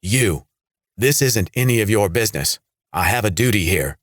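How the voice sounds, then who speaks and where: A stern, growling police sergeant who gives orders flatly and expects them obeyed, as a male narrator plays him. His voice is deep and close. The sound is dry. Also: moderate pace, no room sound. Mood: commanding. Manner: commanding, growling.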